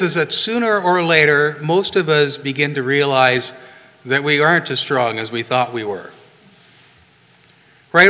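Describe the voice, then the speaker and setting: A pastor preaching in a relaxed, conversational manner, often checking in with "right?" His voice is slightly high and bright, and it carries a long reverb through the church hall. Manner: conversational, frequent "you know" and "right?" asides. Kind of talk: sermon.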